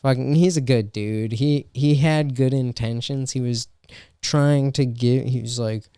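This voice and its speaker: A man's voice: medium pitch, steady tone, measured pace, warm tone, clean tone, no echo, clean studio sound. A young adult man telling a story in casual podcast chat, swearing often and full of fillers. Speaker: podcast co-host and stand-up comedian.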